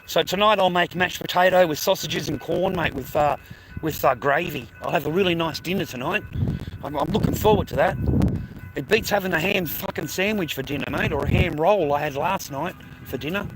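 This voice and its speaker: A man's voice: on the high side, fairly quick, background noise. A middle-aged Australian man vlogging in a profane, rambling, blokey way and laughing often. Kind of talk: casual rambling monologue.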